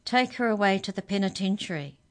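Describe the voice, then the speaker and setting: Stern imperious official, as a woman reads her, cold and clipped, low pitched voice, storybook. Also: measured pace, lightly acted. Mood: commanding. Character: stern imperious female hex checker official.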